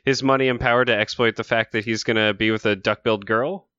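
A man's voice: lowish voice, fairly even intonation, fast talker, pushed and bright, highs cut off, slight background noise. A man co-hosting a casual podcast, tossing in wry jokes and laughing asides. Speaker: podcast co-host. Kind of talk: casual chat.

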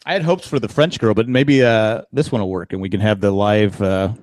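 A man's voice: lowish voice, brisk, darkish tone, dry recording, studio quality. A man hosting a podcast in casual, joking chat, thanking listeners and steering the talk. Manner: joking, thanks patrons and wraps up the show. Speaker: podcast host.

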